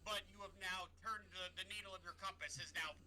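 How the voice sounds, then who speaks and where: A man narrating as game master of a tabletop game on a stream, often halting and correcting himself. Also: high voice, fairly even intonation, pushed and bright, a little hiss or hum.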